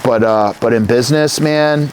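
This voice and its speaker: A man's voice: medium pitch, moderate pace, a little hiss or hum. Rambling, profane man telling stories. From New Jersey. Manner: rambling, profane, animated storytelling. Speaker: guest, company founder. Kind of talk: casual interview conversation.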